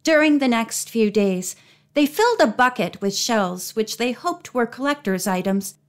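Woman narrating a storybook, fairly high. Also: very animated, normal speed. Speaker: audiobook narrator. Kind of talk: audiobook narration.

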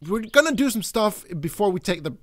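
An excitable young man narrates his own gameplay as a channel host, swearing freely and yelling at characters on screen. His voice sits high and swings widely in pitch, leaping up when he gets worked up. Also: fairly quick, dry recording. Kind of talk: let's play commentary.

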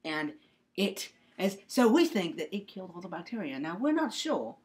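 A woman's voice: lowish voice, sing-song, moderate pace, darkish tone. A young woman presenting a comedic mock-science skit, rambling and mock-serious with playful asides. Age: young adult.

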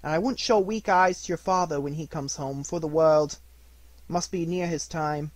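A man reading an audiobook, voicing a poor mother who stays steady and cheerful while holding back grief. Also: a little high, normal speed, no echo, voice pushed up, natural voice. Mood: tender. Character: gentle grieving poor mother, woman, steady.

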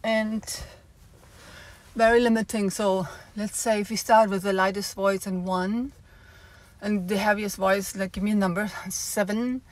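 A woman's voice: medium pitch, fairly even intonation, a little slow. A woman opera singer in a casual vlog, explaining things from her car in a chatty way with many fillers, slightly out of breath.

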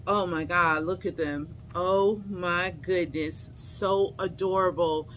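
A woman's voice: on the low side, steady tone, slow pace, fairly bright tone, slight background noise. A middle-aged woman chatting to her viewers as she unboxes a haul, gushing and effusive, breaking into delighted squeals. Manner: chatty, calls viewers y'all and honey. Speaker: haul vlogger. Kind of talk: casual unboxing chat to viewers.

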